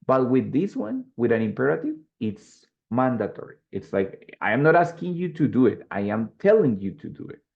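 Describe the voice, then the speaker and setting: Gravelly, patient man teaching English. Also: medium pitch, sing-song. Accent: Colombian Spanish. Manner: patient, explains slowly, mixes in Spanish. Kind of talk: online English class. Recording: dull lo-fi audio.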